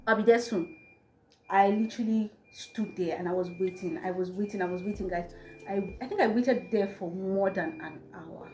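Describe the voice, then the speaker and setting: A young woman with a Nigerian accent, telling a storytime vlog in an animated, exasperated way. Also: mid-range voice, normal speed. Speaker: vlogger. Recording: echoey room, faint music.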